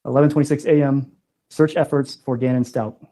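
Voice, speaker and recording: Matter-of-fact man with a mellow, dark voice. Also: mid-range voice, fairly even intonation, a little fast, poor audio. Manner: matter-of-fact, reads items out and spells them. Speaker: investigator testifying as witness. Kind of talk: courtroom testimony.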